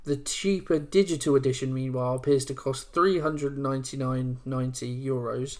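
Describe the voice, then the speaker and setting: A young man chats casually with his mates on a gaming podcast. His talk rambles along with fillers and restarts, and he reads aloud haltingly. His pitch sits in an ordinary middle range. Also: fairly even intonation. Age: 20s. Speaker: podcast co-host. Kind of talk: casual chat.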